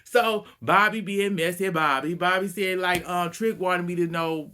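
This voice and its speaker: Male recapper, bright and lively, loose gossipy storytelling. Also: high-pitched, normal speed, clear, resonant tone. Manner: animated storytelling, acts out cast quotes, laughs often. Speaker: reality TV recapper. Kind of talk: casual recap.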